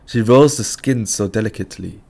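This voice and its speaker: A low-voiced man puts on a stubborn, fretful older mother in this audiobook. She scolds and insists, her voice lifting well above the narrator's own. It is storybook reading, not full acting. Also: a little fast, creaky, mellow, a little hiss or hum. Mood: sad.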